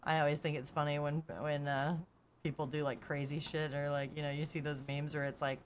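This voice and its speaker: A woman's voice: sits low, flat delivery, fairly quick, slight background noise. A woman streamer chatting casually, telling car stories and laughing often. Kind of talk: casual chat.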